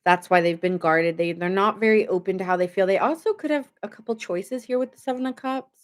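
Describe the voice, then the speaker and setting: Speaking in a mid-range voice at a slightly quick clip, a tarot reader hosts a relaxed live-stream session. She talks freely and wanders off topic, reads out viewers' comments, and thanks them as she goes.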